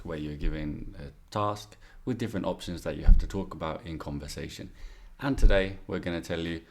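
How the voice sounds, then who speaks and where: A man's voice: low voice, creaky. A man teaching English in a chatty exam-prep video lesson, explaining with asides and demonstrations.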